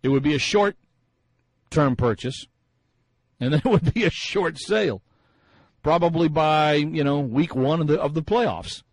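A man's voice: fairly high pitch, a little slow, pauses often, no room sound, low-quality recording. Chatty man hosting sports talk radio. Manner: chatty, musing, frequent fillers and restarts. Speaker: radio show host.

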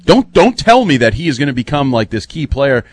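A man's voice: medium pitch, very animated, brisk, a little hiss or hum. A man giving opinionated, long-winded football analysis on a postgame radio show in a studio.

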